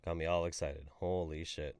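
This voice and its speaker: A man's voice: rumbling low, steady tone, normal speed, a little mellow, smooth, dry recording, studio quality. A man hosting a live stream, reading chat messages aloud in a jokey, casual way and swearing freely.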